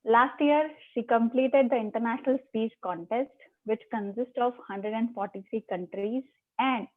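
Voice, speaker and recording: A woman hosting an online meeting, reading a formal introduction of a speaker in a measured way. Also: on the high side. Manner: measured, reads out a prepared bio. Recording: phone-like video call audio.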